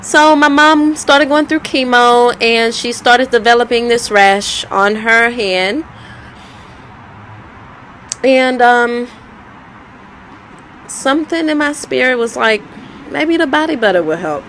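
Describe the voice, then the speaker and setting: A woman's voice: a little high, fairly even intonation, slow pace, long pauses, a bit bright, slight background noise, poor audio. A woman telling her life story in a candid, conversational way, often repeating herself. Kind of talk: personal storytelling vlog.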